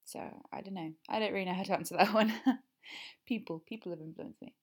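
A woman's voice: medium pitch, quick pace. Giggly southern English woman. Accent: southern English, standard-leaning. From England. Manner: chatty, giggly, swears, trails off with fillers; enunciates clearly when recording. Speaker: creator answering fan questions. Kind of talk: casual Q&A recording.

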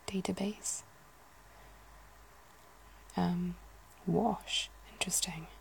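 A woman musing softly in a whispered ASMR chat, gently poking fun at herself. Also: mid-range voice, unhurried, creaky, pauses often, a little hiss or hum, poor audio. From United Kingdom. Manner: soft, self-deprecating, musing aloud. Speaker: ASMR video host.

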